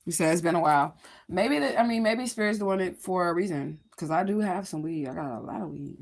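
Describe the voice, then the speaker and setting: A woman with a slightly lower voice hosts a casual livestream. She rambles candidly, swears freely and keeps turning to her viewers to check they follow. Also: a little fast, vocal fry. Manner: addresses viewers directly. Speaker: livestream host.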